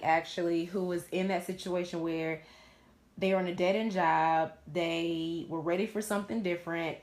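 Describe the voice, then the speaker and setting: A woman in her late twenties, hosting a live Q&A, who shares her personal story in a casual, candid way and swears freely. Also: lowish voice. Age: late 20s. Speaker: host of a live Q&A stream. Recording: roomy echo.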